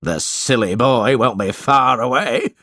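A man's voice: mid-range voice, unhurried, pushed and bright. A man voicing a cruel, bullying middle-aged schoolmaster who barks threats in a storybook reading. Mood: angry threatening. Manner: barking, menacing.

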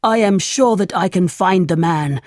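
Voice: medium pitch, measured pace, no room sound, clean studio sound, pitched above the performer's own voice, natural voice. A reader voicing an earnest male thief who volunteers for a dangerous job in a storybook reading. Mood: eager.

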